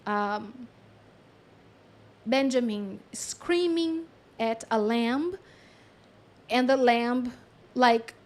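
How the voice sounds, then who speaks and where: A woman channeling a story in a chatty, animated way, with lots of fillers and frequent laughs. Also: fairly high pitch, extremely slow, long pauses. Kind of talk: casual storytelling.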